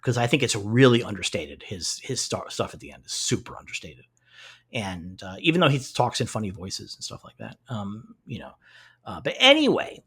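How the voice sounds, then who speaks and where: A man co-hosting a podcast, recapping a TV show in casual chat, animated and swearing freely. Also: mid-range voice. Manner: animated, swears freely, acts out characters' lines in retelling. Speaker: podcast co-host.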